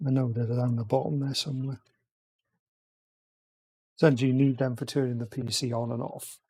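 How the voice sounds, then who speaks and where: A man muttering quietly to himself as he chats casually on a live stream, talking through a build. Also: mid-range voice, flat delivery, brisk, husky, no echo. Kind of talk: casual live-stream chat while working.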